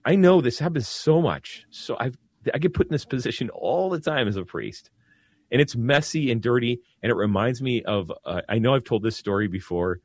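Animated Catholic priest, lively pitch. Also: male voice, moderate pace. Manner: earnest, animated, many restarts. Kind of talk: casual religious discussion.

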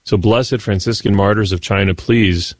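A man's voice: fairly low pitch, fairly even intonation, moderate pace, no room sound. A man hosting a Catholic morning radio show, talking earnestly with a few playful asides. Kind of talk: Catholic radio talk and reflection. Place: radio studio.

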